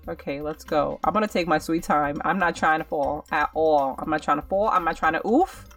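A woman's voice: sits low, a little fast, hardly any pauses, a bit bright, recorded from a distance, soft background music, a faint crowd. A young woman doing casual game commentary, chatty and dramatic, talking straight to her viewers while she plays. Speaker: gaming channel host.

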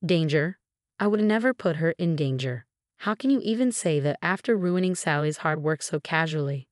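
A woman's voice: sits low, animated, moderate pace, dry recording, studio quality. Defensive scheming mother-in-law, as a woman reads her.

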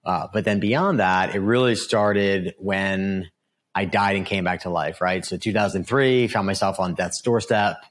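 Low-voiced man telling his life story. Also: unhurried. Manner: earnest storytelling, frequent fillers and "right?" asides. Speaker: guest, author. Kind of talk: personal testimony in a podcast interview.

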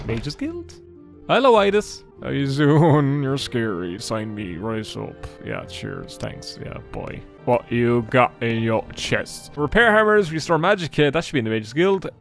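A man's voice: mid-range voice, big pitch swings, unhurried, vocal fry, soft background music. A man casually commentating as he plays a video game, joking, swearing freely and chatting to the characters on screen. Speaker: gaming YouTuber. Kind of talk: casual Let's Play commentary.

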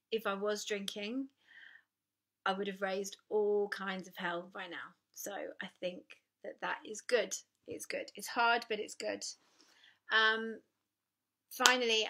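A woman's voice: medium pitch, bright, forceful tone. A young woman talking to camera in a candid, self-mocking personal vlog, with many ums. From United Kingdom. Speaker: vlogger.

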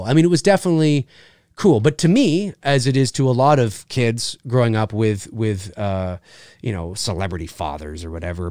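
A man's voice: medium pitch, a little mellow, clear, resonant tone, no echo, clean studio sound. A man in his forties from Canada hosting a casual live chat show, rambling, repeating himself and swearing casually.

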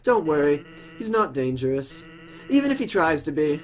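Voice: medium pitch, very animated, normal speed, natural voice. A gamer voicing a laid-back, joke-cracking male skeleton while playing through a game. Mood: casual. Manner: easygoing, punning.

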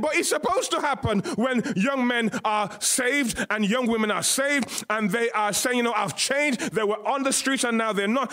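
A man preaching a sermon, exuberant, laughing and shouting Hallelujah. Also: high voice. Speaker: pastor and guest speaker.

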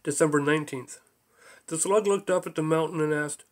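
Slightly high-voiced man reading deadpan comedy. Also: fairly quick. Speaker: author reading his own book. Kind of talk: audiobook narration.

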